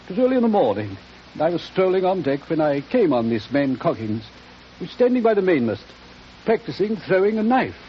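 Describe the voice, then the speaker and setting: A man's voice: on the high side, sing-song, a little fast. An actor playing a nervous, evasive male ship owner in a 1940s radio drama, hesitant and stammering. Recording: dull old radio recording with hiss.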